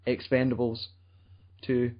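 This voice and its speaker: A young Scottish man hosting a casual film review chat, rambling and swearing in a deadpan way. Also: mid-range voice, slow pace, dull audio. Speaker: podcast host.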